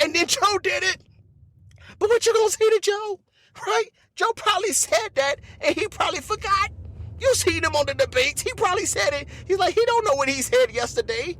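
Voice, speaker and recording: High-voiced man rambling through comedy bits. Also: lively intonation, fairly quick, pushed and bright. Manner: repetitive, chuckling, keeps asking "you know what I'm saying". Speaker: comedy podcast host.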